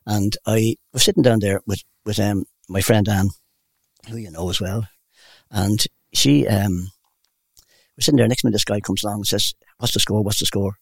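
Brief: older male interviewee, fast and gravelly, dry close sound, anecdotal rambler. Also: lowish voice, no room sound. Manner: rambling, warm anecdotal storyteller. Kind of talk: casual storytelling.

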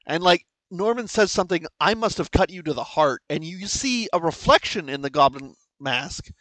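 Excitable rambling male podcast co-host. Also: fairly high pitch, moderate pace, dry recording, low-quality recording. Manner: rambling, excitable, many restarts. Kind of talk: casual chat.

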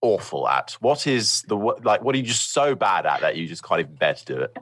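A man's voice: lowish voice, big pitch swings, a little fast, a bit bright, dry recording, clean studio sound. A man co-hosting a podcast, asking playful questions in casual chat. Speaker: podcast co-host.

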